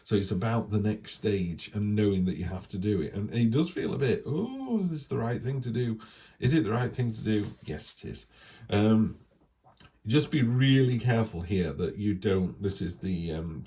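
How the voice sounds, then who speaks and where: A man's voice: low-pitched, dark tone. A man giving a casual, chatty tarot reading, talking things through with reassuring asides. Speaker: tarot reader.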